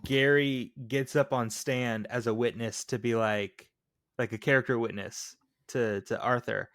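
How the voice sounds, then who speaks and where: A man's voice: medium pitch, fairly even intonation, a little slow, fairly bright tone, dry recording, clean studio sound. A man co-hosting a podcast, chatting casually about a film and animatedly retelling scenes, acting out the lines. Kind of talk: casual film discussion chat.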